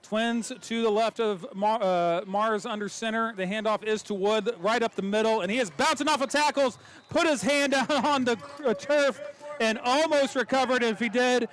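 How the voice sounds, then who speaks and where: This man is the play-by-play announcer for a high school football game. He's excitable, calling plays quickly, stumbling now and then, and laughing.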